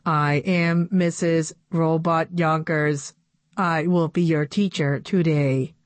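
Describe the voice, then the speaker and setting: A woman voicing a stiff robot copy of a female teacher, with flat, commanding speech. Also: low voice, takes it slowly, dry recording.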